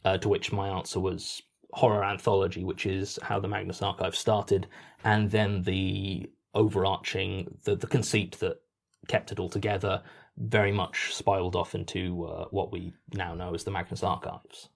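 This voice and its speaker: A man's voice: sits low, flat delivery, moderate pace, creaky. A British man answering interview questions casually, hesitant with many fillers and dry self-mocking jokes. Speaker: podcast writer and performer.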